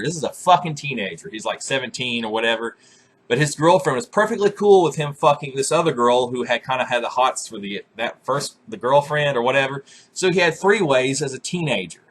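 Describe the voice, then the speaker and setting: A man in his twenties telling crude, comic stories to camera, cursing freely, laughing often and breaking into loud shouted re-enactments. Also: mid-range voice, a little hiss or hum. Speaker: vlogger.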